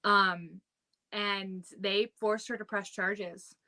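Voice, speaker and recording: A woman's voice: mid-range voice, steady tone, takes it slowly, pushed and bright. A young woman co-hosting a casual chat show, upbeat and laughing often, with lots of "um" and "like". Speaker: podcast co-host.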